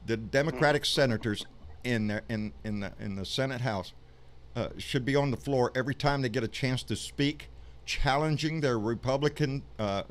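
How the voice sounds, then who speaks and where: A man hosts a live political chat show in an ordinary middle-range voice. He talks bluntly and swears freely. He gets fired up and preachy as he makes his points. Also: medium pitch. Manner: blunt, profane, fired-up, calls people "baby".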